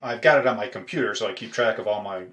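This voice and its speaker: A middle-aged man collecting padlocks, talking casually in a show-and-tell video, halting with frequent pauses. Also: on the low side, fairly bright tone, a little hiss or hum. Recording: echoey room.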